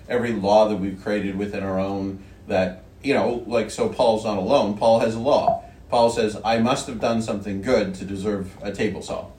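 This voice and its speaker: A man with a fairly low voice talks loosely and meanders in a casual conversation about faith, chuckling as he goes. He sounds set back from the microphone. The room is echoey, with a faint ambient hum. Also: a little mellow. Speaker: podcast co-host. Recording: distant mic in an echoey room.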